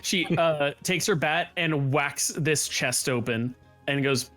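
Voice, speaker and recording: A man's voice: fairly high pitch, slow pace, fairly bright tone, soft background music. A man running a tabletop game, narrating casually with lots of fillers. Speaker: game master.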